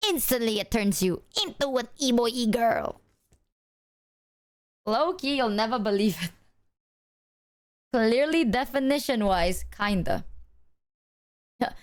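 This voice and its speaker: A woman's voice: fairly high pitch, animated, takes it slowly, pauses often, dry recording, clean studio sound. A woman streamer chatting casually with her viewers in a loose, rambling way, full of filler words and swearing.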